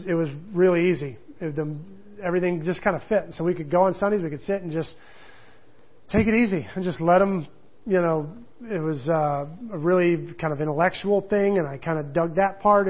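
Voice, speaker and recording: A male pastor preaching a sermon in a rambling, animated storytelling way, full of restarts. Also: a little high. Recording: muffled lo-fi recording.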